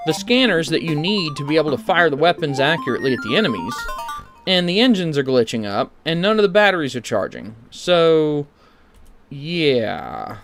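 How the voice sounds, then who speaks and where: Male streamer, slightly high and animated, wry sarcastic gameplay chatter over clear background music. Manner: rambling, wry, sarcastic asides. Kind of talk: casual gameplay commentary.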